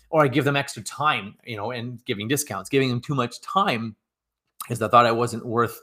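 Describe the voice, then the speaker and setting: A man's voice: medium pitch, a little fast, pushed and bright. A man speaking off the cuff as a motivational speaker, emphatic and repetitive, stacking short commands with frequent stammered restarts. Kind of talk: unscripted motivational monologue.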